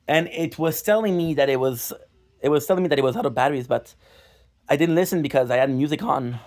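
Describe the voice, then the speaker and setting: A man's voice: fairly high pitch, fast, a little mellow. A young man vlogging to his viewers about a lost recording, frustrated, swearing, repeating himself and apologizing. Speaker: gaming vlogger. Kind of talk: casual vlog talk to viewers.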